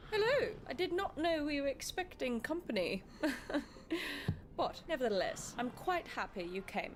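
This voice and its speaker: A woman's voice: high-pitched, slight background noise. A woman putting on a prim, posh royal lady with an upper-class British accent and clipped, proper diction. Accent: put-on upper-class British.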